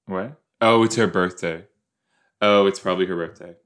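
A man's voice: deep voice, steady tone, moderate pace, a bit bright. A man hosting a casual watch-along, chatting through an episode with rambling, self-deprecating asides. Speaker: reaction podcast host. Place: southern Minnesota.

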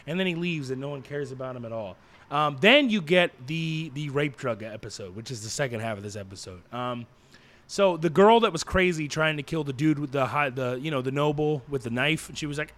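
A man co-hosting a podcast, recapping an anime episode in a rambling, jokey way with lots of fillers and quick put-on character quotes. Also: a little high, expressive, fairly bright tone. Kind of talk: casual chat.

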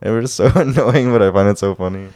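Deep voiced guy, smooth, says like constantly. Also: fast, darkish tone, no room sound. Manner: filler-heavy, "like" in every phrase. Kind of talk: casual chat.

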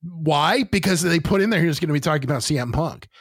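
A man with a fairly high voice, speaking in earnest, casual podcast chat. He restarts his sentences often. The sound is dry and close. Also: animated, fast talker, slightly rough, no room sound. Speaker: podcast co-host.

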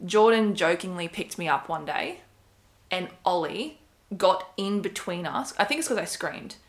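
A woman's voice: fairly low pitch, lively intonation, unhurried. Chatty young woman telling a story. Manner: chatty, rambling, many fillers and quoted asides. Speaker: podcast co-host. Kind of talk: casual storytelling chat.

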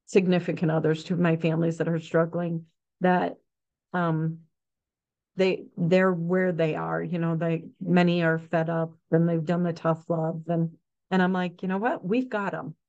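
A woman in her forties, a neonatal nurse practitioner, tells stories from her work in a frank, animated way. She slips into quoted voices and fills gaps with ums. Her voice sits a little low, and the recording sounds dull and lo-fi. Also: unhurried. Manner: frank, animated, acts out quotes, many fillers. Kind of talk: casual interview storytelling.

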